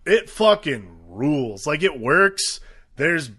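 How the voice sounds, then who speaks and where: A man's voice: on the high side, sing-song, slow, bright, forceful tone, breathy edge. A man co-hosting a movie podcast, chatting casually with frequent laughter and swearing. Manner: laughing, profane, enthusiastic. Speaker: podcast co-host. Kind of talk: casual movie-review chat.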